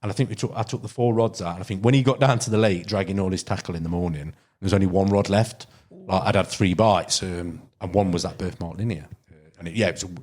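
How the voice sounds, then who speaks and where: A middle-aged man with a Midlands accent and a fairly low voice tells fishing stories on a podcast. He rambles in a relaxed way, with plenty of ums, asides and "you know what I mean". The talk is loose and conversational. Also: fast. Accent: English Midlands. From Derbyshire, England. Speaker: podcast guest, carp angler. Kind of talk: casual podcast chat, storytelling.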